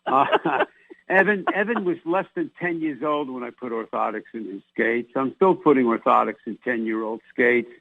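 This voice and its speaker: A man's voice: mid-range voice, moderate pace, creaky, no room sound. A male sports doctor with a New York accent hosting a casual radio interview, rambling and restarting his phrases. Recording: phone-like narrow band.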